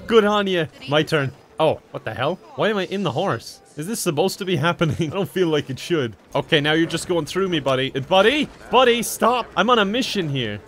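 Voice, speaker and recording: A man's voice: on the high side, animated, fairly quick, a bit bright, a little hiss or hum. A man giving casual, joking commentary while he plays a video game, laughing often. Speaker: gaming video host.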